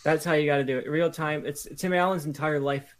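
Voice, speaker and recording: Flat-toned man in casual chat. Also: a little high, fairly quick. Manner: even, thoughtful, with hesitant restarts. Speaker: podcast co-host.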